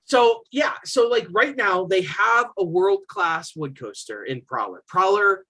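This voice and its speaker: An enthusiastic man co-hosts a casual podcast, and his voice has a bright, forward edge. He talks in an opinionated, easygoing way, with frequent fillers and loose restarts. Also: high-pitched, lively intonation, measured pace. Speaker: podcast co-host. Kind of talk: casual chat about roller coasters.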